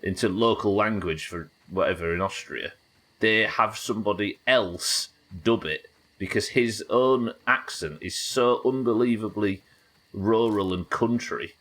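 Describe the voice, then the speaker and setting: A man's voice: fairly low pitch, measured pace, a bit bright. Chatty Yorkshire man streaming a game. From Yorkshire, England. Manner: chatty, swears freely, talks to chat. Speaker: livestreamer. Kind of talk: casual gameplay commentary.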